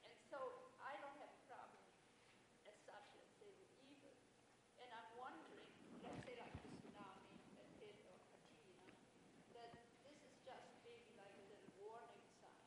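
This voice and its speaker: A woman's voice: medium pitch, normal speed. A woman in the audience tentatively posing a question at a lecture. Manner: tentative, musing. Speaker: audience member asking a question. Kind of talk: question from the floor. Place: lecture hall. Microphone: far from the microphone. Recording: distant voice in an echoey, noisy hall.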